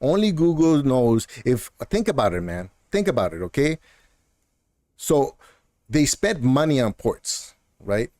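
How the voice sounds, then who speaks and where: A male gaming streamer rants at a viewer in a heated, animated way, throwing in "bro" and "man" and short laughs. His voice sits at a middle pitch for a man. The sound is dry and close, with no room echo. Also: measured pace. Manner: argumentative, talks straight to a viewer in chat, repeats "bro" and "man". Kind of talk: casual live-stream rant.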